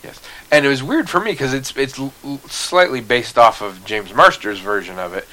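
A man's voice: medium pitch, moderate pace, pushed and bright, poor audio. A man co-hosting a podcast in casual chat, rambling and jokey, often trailing off into mumbles. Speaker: podcast co-host.

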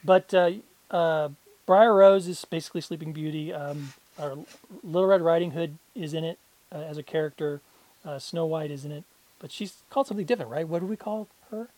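A woman's voice: deep voice, fairly quick, warm tone, no echo. Podcast co-host, woman, loose rambling delivery, dead-dry mic. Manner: rambling, frequent restarts and laughs. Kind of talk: casual chat.

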